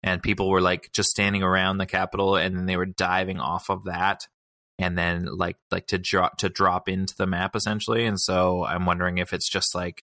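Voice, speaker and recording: A low-pitched man with a bright, forceful tone chats loosely on a gaming podcast, circling back and restarting his sentences. The sound is dry and close. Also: monotone, brisk, no echo. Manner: rambling, many fillers and restarts. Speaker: podcast co-host. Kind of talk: casual chat.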